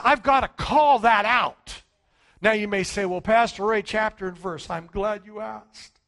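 A male pastor preaching with a very high, bright, ringing voice. He swings between booming shouts and hushed, low asides. He acts out the voices of his listeners as he goes. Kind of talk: sermon.

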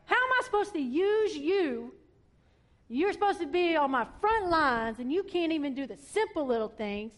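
A woman's voice: sits high, big pitch swings, normal speed, pitched above the performer's own voice. A woman voicing God as a stern male figure rebuking his servant. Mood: stern rebuke.

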